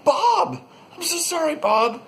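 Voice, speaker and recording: A man's voice: extremely high pitch, very animated, takes it slowly, gravelly, fairly bright tone, slight background noise, voice pushed up, heavily acted. A man voicing a frantic enemy soldier, shrieking apologies over fallen comrades in a squealing, overwrought voice. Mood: panicked, wailing.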